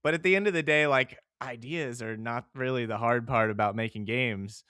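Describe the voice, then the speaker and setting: Male co-host, bright and crisp voice, joking, animated delivery. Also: mid-range voice, normal speed, dry recording, studio quality. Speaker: podcast co-host. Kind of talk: casual chat.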